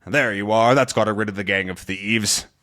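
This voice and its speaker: A man voicing a gruff, irritable male sea captain who talks bluntly and impatiently. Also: fairly low pitch, moderate pace, bright, forceful tone.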